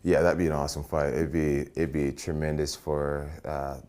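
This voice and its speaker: A man with a remarkably deep voice talks in a casual interview. He is a professional fighter, upbeat and eager, who repeats words as he restarts his sentences. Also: flat delivery, normal speed, darkish tone.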